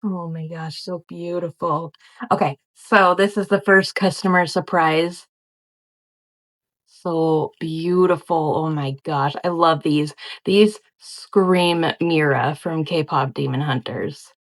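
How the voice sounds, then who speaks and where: A young woman chatting casually in a crochet unboxing vlog, gushing and excitable as she opens a package. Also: low-pitched, takes it slowly. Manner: gushing, excitable, lots of "oh my gosh". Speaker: crochet vlogger and small business owner.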